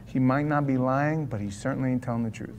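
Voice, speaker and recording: A man's voice: mid-range voice, quick pace, a crowd in the background, background noise. A man preaching a sermon as pastor of a church, telling stories in a conversational way and firing off rhetorical questions.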